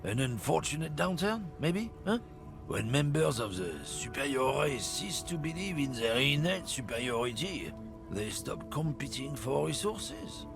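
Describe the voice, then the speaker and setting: A man doing a gravelly, swaggering bigoted trucker. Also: mid-range voice, sing-song, a little slow, music in the background. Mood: boastful. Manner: swaggering, boastful, sneering. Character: gruff bigoted middle-aged male trucker. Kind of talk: voicing game dialogue on a livestream.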